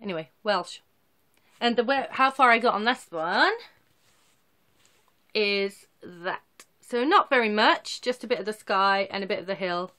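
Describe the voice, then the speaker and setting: A woman's voice: mid-range voice, lively intonation, measured pace, long pauses, pushed and bright. Chatty, rambling woman vlogger. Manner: rambling, chatty, self-deprecating. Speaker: cross-stitch vlogger. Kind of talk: casual chatty show-and-tell.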